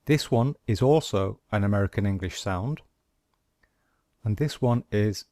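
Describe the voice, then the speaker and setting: A man teaching English pronunciation, explaining sound symbols and saying example words one at a time with pauses between them. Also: on the low side, dark tone, no room sound, studio quality. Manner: slow and deliberate, pausing between example words. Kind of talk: slow instructional explanation.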